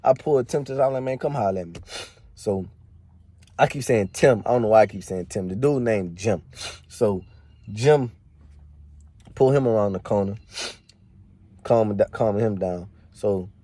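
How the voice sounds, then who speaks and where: A man's voice: lowish voice, unhurried, long pauses, dark tone. A man telling a rambling, slangy story from a party in a casual storytime monologue. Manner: slangy, rambling, fillers and restarts.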